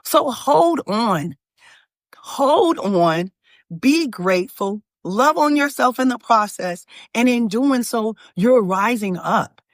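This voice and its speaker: Woman coach talking to camera, kinda high voice, preachy and pumped, says y'all a lot, dry close sound. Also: takes it slowly, no echo. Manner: preachy, animated, folksy, addresses viewers as y'all; frequent restarts and fillers. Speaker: manifestation coach and channel host. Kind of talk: motivational talk to camera.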